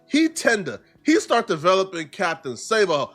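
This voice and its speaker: A man's voice: high-pitched, very animated, moderate pace, few pauses, fairly bright tone, faint music behind. A man hosting a reaction show, commenting in a slangy, emphatic way. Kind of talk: casual commentary.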